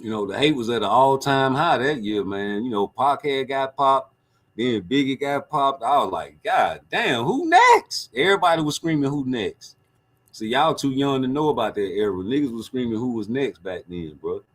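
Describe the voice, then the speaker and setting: A man hosting a boxing livestream, reading viewer chat and trading profane, joking banter in animated, casual commentary. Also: mid-range voice, moderate pace.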